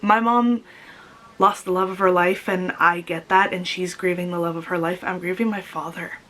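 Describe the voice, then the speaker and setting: Tearful young woman, halting confessional vlog. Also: on the low side, steady tone, a bit bright, poor audio. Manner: emotional, halting, repeats herself. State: crying. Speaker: vlogger.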